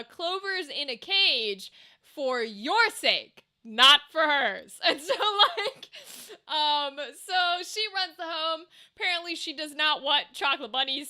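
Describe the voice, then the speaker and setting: A young woman chatting on a live stream in a high, very bright voice. She rambles from one thought to the next and hums little tunes to herself along the way. She sounds casual and talkative.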